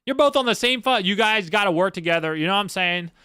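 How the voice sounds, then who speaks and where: A young man rambling on a livestream, blunt and swearing freely. His voice sits a little high and rings bright and clear, close to the mic in a dry room. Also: expressive, fast talker, no room sound. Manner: blunt, profane, rambling, heavy with fillers. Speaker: streamer; Marine. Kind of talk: casual livestream talk.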